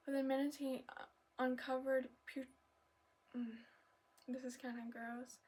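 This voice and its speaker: Breathy soft-spoken woman reading ASMR. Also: sits high. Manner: soft reading with stumbles and apologies, slipping into whispers. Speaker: ASMR channel host.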